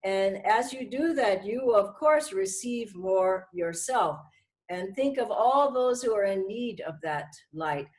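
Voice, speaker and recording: A middle-aged woman giving a gentle, earnest spiritual talk to her followers, slowing down to stress key words. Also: mid-range voice, animated, low-quality recording. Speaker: spiritual teacher.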